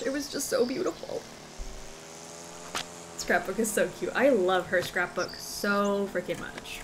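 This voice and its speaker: A woman's voice: on the high side, fairly bright tone, slight background noise, low-quality recording. A woman gaming streamer chatting casually and jokily as she plays, gushing and teasing along. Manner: bubbly, jokey, gushing. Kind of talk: casual let's play commentary.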